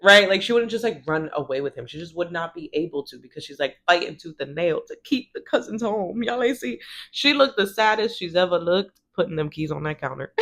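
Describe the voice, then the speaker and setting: A woman's voice: lowish voice, lively intonation, brisk, a bit bright. A woman in her thirties giving a casual, chatty TV recap, swearing freely and acting out the characters' lines. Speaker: show recap vlogger.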